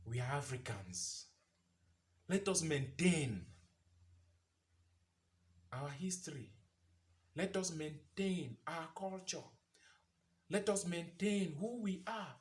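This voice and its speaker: Male commentator, preachy and repetitive, animated, slightly high voice. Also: takes it slowly, pauses often. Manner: preachy, asks rhetorical questions, repeats phrases for emphasis. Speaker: vlogger. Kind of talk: impassioned commentary monologue.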